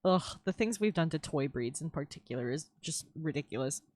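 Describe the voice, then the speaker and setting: A woman's voice: sits low, animated, brisk, darkish tone, no echo. A woman chatting casually while drawing on a live stream, swearing freely and laughing easily. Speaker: streaming artist. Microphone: headset.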